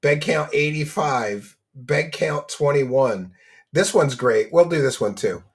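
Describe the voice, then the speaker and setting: A man's voice: a little high, animated, slow. A man hosting a casual commentary stream, mocking his subject, laughing often and thanking donors by name.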